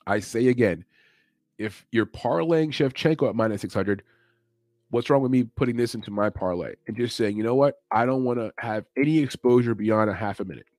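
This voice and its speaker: A man's voice: mid-range voice, brisk, a little mellow, dry recording. A man hosting a casual sports betting podcast, loose and chatty, thinking aloud as he goes. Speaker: MMA betting podcast host. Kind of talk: casual chat.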